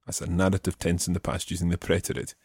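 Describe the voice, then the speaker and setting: A man's voice: low voice, monotone, quick pace, vocal fry, a little mellow, husky, no room sound, clean studio sound. A man teaching a Spanish lesson, patiently explaining step by step and prompting his student. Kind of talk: spoken language lesson.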